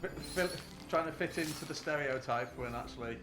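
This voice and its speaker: A man's voice: fairly high pitch, moderate pace, music in the background. A British man chatting casually while streaming a game, rambling and restarting his sentences. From United Kingdom. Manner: rambling, full of restarts and fillers. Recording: roomy echo, background noise.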